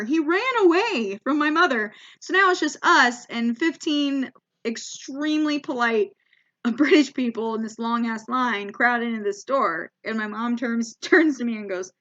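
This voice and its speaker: A woman's voice: high voice, moderate pace, highs cut off. A young American woman telling a comic travel story, acting out voices and often restarting her sentences. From United States. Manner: animated, acts out quoted voices, frequent restarts. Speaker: comedian.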